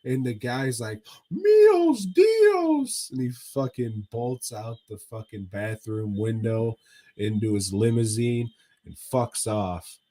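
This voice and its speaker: A man's voice: on the low side, steady tone, unhurried, dark tone. A man co-hosting a podcast, recapping a movie in casual chat as a profane, rambling storyteller. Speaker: podcast co-host.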